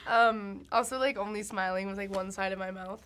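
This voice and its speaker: A woman's voice: mid-range voice, fairly even intonation, a little fast, fairly bright tone. A young woman in her twenties chats as a guest in a studio interview. She giggles often, leans on filler words and lets her sentences trail off mid-thought. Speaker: guest musician. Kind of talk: casual interview chat.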